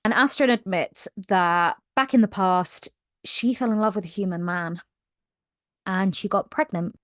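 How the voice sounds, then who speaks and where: A young woman sums up a book in a gushing, animated vlog. Her voice sits at a middle pitch. The sound is close and dry, with no echo. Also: normal speed. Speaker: book vlogger. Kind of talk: casual book recap vlog.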